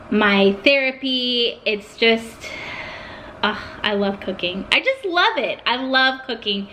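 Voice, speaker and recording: A young woman talking casually and warmly to her viewers about her love of cooking, getting emotional at times. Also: medium pitch, slight background noise. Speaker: vlogger. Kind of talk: casual talk to camera.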